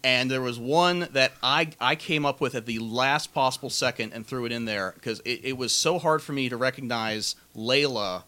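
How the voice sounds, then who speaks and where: A man's voice: medium pitch, moderate pace, hardly any pauses, pushed and bright. A man co-hosting a podcast, telling rambling stories in casual chat with frequent stammers and restarts. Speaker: podcast co-host.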